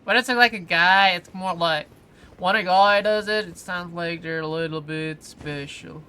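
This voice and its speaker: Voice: mid-range voice, measured pace, pushed and bright, slight background noise, low-quality recording. A streamer chatting casually while playing, reading viewer comments aloud and answering them with many fillers and restarts. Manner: frequent "like" fillers and self-corrections. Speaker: game streamer. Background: game music.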